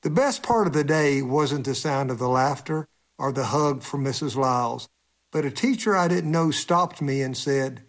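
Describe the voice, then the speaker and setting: A man's voice: mid-range voice, moderate pace. Chuckling male humorist telling a story. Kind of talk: humorous personal story on radio.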